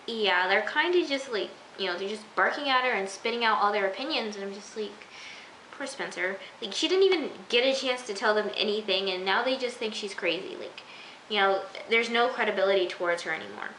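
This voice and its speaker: A woman chatting through an episode review, acting out her own reactions and sometimes dropping into a soft near-whisper. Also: medium pitch, fairly quick, slight background noise. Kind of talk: casual episode review vlog. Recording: echoey room.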